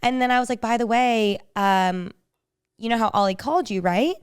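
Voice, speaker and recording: A woman's voice: on the high side, moderate pace, clean tone. Chatty woman co-hosting a podcast. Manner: chatty storyteller, acts out quotes in animated voices. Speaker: podcast co-host. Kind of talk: casual chat.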